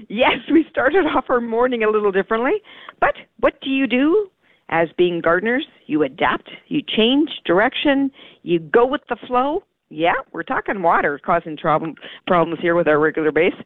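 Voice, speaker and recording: A woman's voice: mid-range voice, dry recording. A woman hosting a radio gardening show, talking in a rambling, heartfelt, conversational way. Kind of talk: casual radio talk. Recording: narrow phone-like radio sound, dry.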